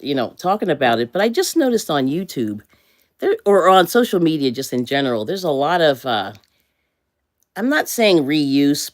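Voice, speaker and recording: A woman's voice: low-pitched, no room sound, studio quality. An American woman hosting a casual motivational livestream, rambling and self-correcting and laughing often. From USA. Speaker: livestream host.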